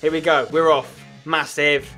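A young man commentating his own football management game, excitable and yelling at his players. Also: fairly high pitch, unhurried, faint music behind. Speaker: gaming YouTuber.

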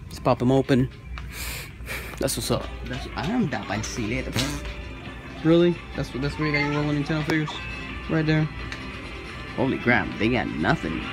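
A man filming a casual toy-hunting vlog, talking in an animated way and dropping in Spanish words. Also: medium pitch. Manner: animated, swears and laughs, mixes in Spanish words.

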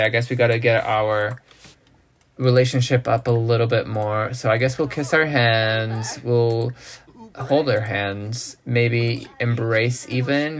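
This is a let's play host giving relaxed gameplay commentary. The host thinks aloud and teases the characters on screen. The voice is mid-pitched with a gravelly creak. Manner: chatty, thinking aloud, teasing the game characters.

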